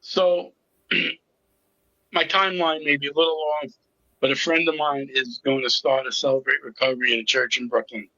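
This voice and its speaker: A man's voice: medium pitch, steady tone, normal speed, sharp tone, no echo, highs cut off. A middle-aged man telling his personal story as an interview guest, candid and with a sarcastic sense of humor. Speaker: interview guest, recovery coach.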